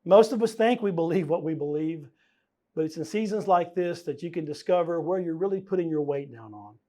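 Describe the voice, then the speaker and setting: A man, the pastor, preaching a sermon in an earnest, conversational way, pausing and stressing key words. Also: fairly high pitch, lively intonation, mellow.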